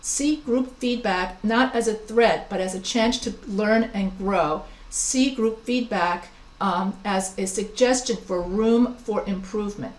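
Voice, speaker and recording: A woman's voice: mid-range voice, slow pace, hardly any pauses, echoey room, low-quality recording. A woman teaching a business communication class, talking in a chatty, anecdotal way with many restarts and asides. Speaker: instructor. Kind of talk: recorded class lecture.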